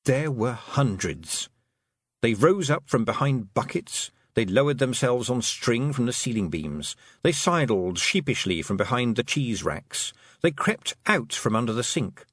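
Male storyteller, lively pitch, audiobook narration, dry close recording. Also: unhurried, husky, no echo. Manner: expressive, varied storytelling. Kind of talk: scripted narration.

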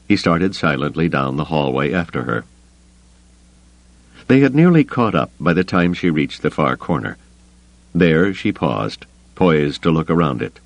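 A man reads adventure fiction in a deep voice. His delivery is expressive and builds suspense with animated inflection. The booth sound is dry and close. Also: dry recording, low-quality recording. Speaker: audiobook narrator. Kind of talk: scripted narration.

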